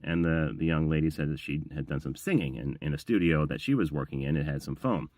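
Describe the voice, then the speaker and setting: A man's voice: very deep voice, fast talker, darkish tone, dry recording. A middle-aged man, a voiceover actor and audiobook narrator, telling a story in a casual, chatty, self-deprecating vlog.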